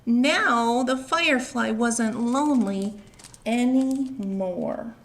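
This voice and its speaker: A woman, a children's librarian, reading a picture book aloud at home, slow and expressive, pausing to ask the young listeners questions. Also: on the high side.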